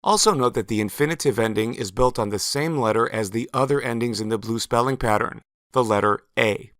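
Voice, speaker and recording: A man narrating a scripted language lesson, slow and careful, stressing syllables clearly as he models words. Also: medium pitch, fairly bright tone, no echo, clean studio sound. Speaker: Spanish teacher.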